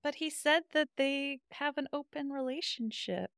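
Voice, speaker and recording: A woman's voice: high voice, normal speed, creaky, a bit bright, dry recording, clean studio sound. A woman co-hosting a casual podcast, animatedly retelling scenes and acting out the characters' lines with frequent laughter. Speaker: podcast co-host. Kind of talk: casual chat recapping a TV episode.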